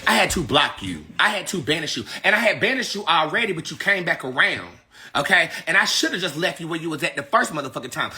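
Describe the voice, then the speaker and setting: Tarot lady w/ cussing out a client on a live, super animated, bright edgy voice. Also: on the low side. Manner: blunt, cussing, emphatic. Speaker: tarot reader. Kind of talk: livestream rant.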